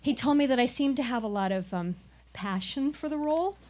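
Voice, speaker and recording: A woman storyteller performs a personal tale at a small live venue, wry and comic with flashes of mock indignation. Her voice sits a little high for a woman. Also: animated, a little fast, darkish tone.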